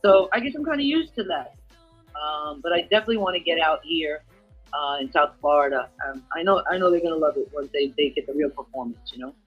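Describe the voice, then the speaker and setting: A woman's voice: low voice, quick pace, husky, soft background music. A woman guest, a reggae singer, chatting casually in an interview and rambling with frequent "you know" fillers. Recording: dull lo-fi audio.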